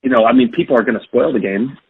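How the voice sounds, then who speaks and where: A man's voice: mid-range voice, rapid-fire, gravelly. A man who directs a game studio, answering interview questions in a candid, reflective way and thinking aloud. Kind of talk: casual podcast interview. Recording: dull lo-fi dry sound.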